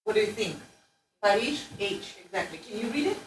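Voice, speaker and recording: A woman teaches a classroom lesson with a lively, swooping voice that rises high as she coaxes and corrects her students. She sounds far from the microphone. The room echoes around her. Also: brisk, a little hiss or hum. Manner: animated, corrective and coaxing. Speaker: language teacher. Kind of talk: classroom instruction. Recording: roomy, distant classroom recording.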